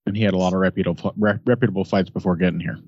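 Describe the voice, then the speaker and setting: Homem de voz grave, áudio seco. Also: male voice, low voice, fairly even intonation, racing, darkish tone, breathy edge, no echo. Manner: laid-back analysis, jokey asides. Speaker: podcast co-host. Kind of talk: casual sports chat. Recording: dry, slightly dull lo-fi audio.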